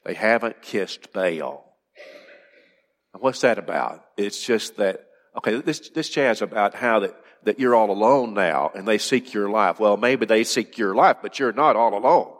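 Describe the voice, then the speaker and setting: A man preaching a sermon, earnest, moving between urgent rising questions and soft, calm passages. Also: lowish voice, normal speed, hardly any pauses, big-room sound.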